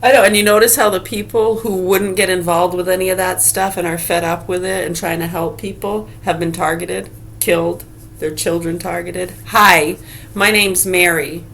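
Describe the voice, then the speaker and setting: A woman's voice: fairly low pitch, level tone, normal speed, vocal fry, a little hiss or hum. A middle-aged woman vlogging in a casual, sarcastic rant full of swearing. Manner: profane, sarcastic, heated. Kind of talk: casual ranting monologue.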